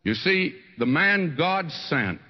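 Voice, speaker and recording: An older man delivers a sermon in a lively, folksy manner, his pitch sitting on the higher side for a man. The recording is dull and lo-fi, like an old archival tape, with a long reverb from a church hall. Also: slow pace. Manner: folksy storytelling preacher with wide swings in pitch. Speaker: pastor.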